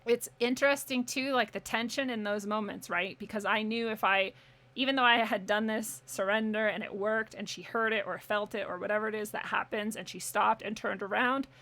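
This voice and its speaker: A woman's voice: medium pitch, steady tone, a little fast, bright, forceful tone. A young adult woman telling a personal story in a casual, candid way, swearing freely and laughing now and then. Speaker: podcast guest.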